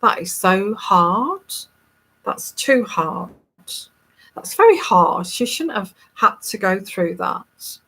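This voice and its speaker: A woman's voice: medium pitch, very animated, creaky, a bit bright, breathy edge, heavily acted. A woman mocking a plummy snooty aristocrat. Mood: pitying. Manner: plummy, affected, drawn-out.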